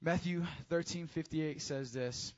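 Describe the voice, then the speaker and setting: A man preaching a casual, high-energy sermon to teenagers as youth pastor, with call-and-response. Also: unhurried, dull audio.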